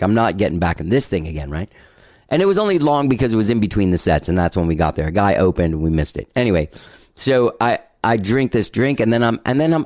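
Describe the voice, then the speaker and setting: A man's voice: on the low side, a little mellow, no room sound, clean studio sound. A man hosting a podcast, rambling through a casual, self-deprecating intro and swearing now and then. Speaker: podcast host.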